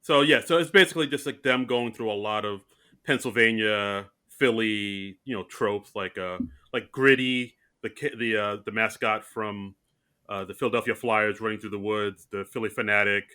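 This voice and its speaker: A man co-hosting a podcast in casual chat, animated and self-mocking, talking in quick bursts with many restarts. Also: on the low side, clean tone. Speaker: podcast co-host.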